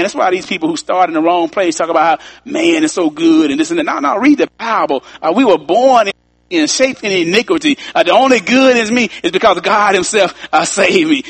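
A man's voice: high-pitched, fairly bright tone, slightly rough, dry recording. A man preaching a sermon to his congregation, talking in a conversational way, repeating himself and addressing listeners directly.

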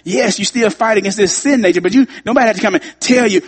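A man's voice: high voice, fast, husky. A man preaching to his congregation, repeating lines for emphasis and talking straight to the room. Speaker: pastor. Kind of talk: sermon.

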